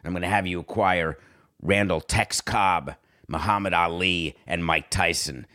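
Man doing an entitled quarterback impression, low hushed voice, smug, rambling demands. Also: steady tone, a little slow, no room sound, studio quality.

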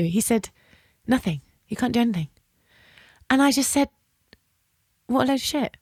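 A woman hosting a podcast, telling a personal story in a lively way, acting out dialogue with casual swearing and frequent laughs. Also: high-pitched, normal speed, long pauses, no echo, clean studio sound. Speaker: podcast host.

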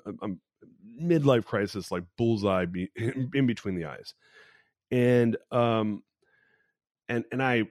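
A man's voice: low voice, no echo, clean studio sound. A man in his forties hosting a podcast alone, telling a personal story in a candid, rambling way, with frequent restarts. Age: 40s. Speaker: podcast host.

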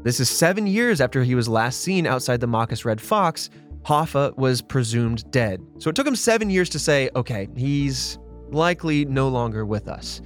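A man's voice: mid-range voice, lively intonation, moderate pace, faint music behind. Man narrating true crime casually. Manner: conversational storyteller, acts out quotes. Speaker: podcast host.

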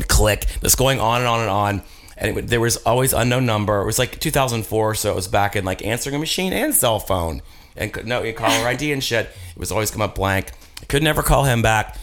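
A man casually telling celebrity stories on a podcast, profane and animated, acting out what others said. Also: lowish voice, fast. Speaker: podcast guest.

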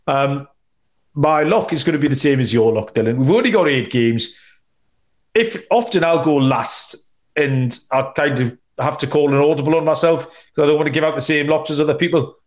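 A man's voice: a little high, animated, normal speed, dull audio. A man hosting a sports betting podcast, chatty and rambling with many ums, tossing in cheeky asides. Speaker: podcast host, betting analyst.

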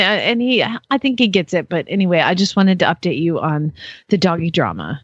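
A woman radio co-host spins a family story with lots of laughter and acted-out voices. Her pitch swings widely and expressively, and the studio sound is dry and a little dull. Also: a little fast, breathy edge, no room sound. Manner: animated, laughing storyteller who acts out voices. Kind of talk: casual chat, storytelling.

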